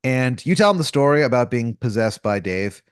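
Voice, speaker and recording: A man's voice: medium pitch, lively intonation, a little fast, smooth, dry recording, clean studio sound. A man running an improvised comedy story as game master, rambling and casual with lots of fillers, restarts and crude slang.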